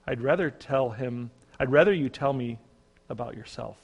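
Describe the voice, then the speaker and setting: A man plays a calm eldest brother speaking softly and patiently. The low-key voice sits in a long reverb. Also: normal speed, husky, muffled recording. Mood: gentle. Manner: soft-spoken, gentle.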